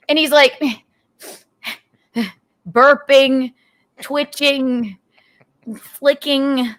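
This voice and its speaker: A woman's voice: high-pitched, takes it slowly, long pauses, fairly bright tone. Exasperated woman teasing her partner. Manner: exasperated, teasing, laughing complaints. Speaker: host's partner. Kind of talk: casual teasing chat.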